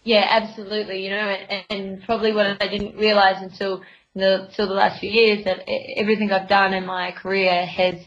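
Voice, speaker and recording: A woman's voice: medium pitch, little pitch movement, normal speed, fairly bright tone. Hesitant woman on a dull line. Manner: hesitant, many fillers and restarts. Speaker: interviewed sailor. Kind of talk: casual radio interview.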